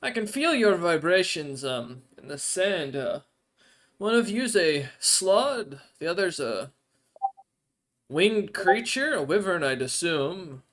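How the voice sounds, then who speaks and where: An ancient male desert wanderer, put on by a man running a tabletop game. He sounds friendly and chatty and draws his words out slowly. His voice sits a little higher than a typical man's. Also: sing-song, fairly bright tone, heavily acted.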